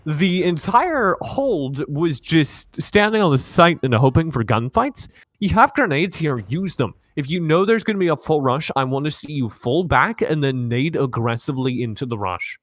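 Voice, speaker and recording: A man's voice: fairly high pitch, animated, moderate pace, no echo. A man casting a mobile shooter esports match live, breaking down plays with joking, analytical banter. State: tired from no sleep. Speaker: esports caster.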